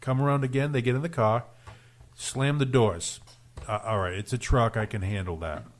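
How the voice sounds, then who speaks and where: Laughing radio host telling a story. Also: male voice, medium pitch, fairly even intonation, normal speed. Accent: Rhode Island. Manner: rambling storyteller, laughs often. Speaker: radio show host and rideshare driver. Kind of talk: casual studio chat, telling an anecdote. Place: radio studio.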